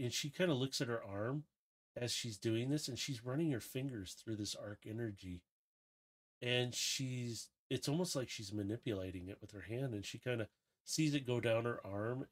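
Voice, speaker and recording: A man running a tabletop game as game master, narrating scenes in a relaxed, loose, descriptive way. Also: medium pitch.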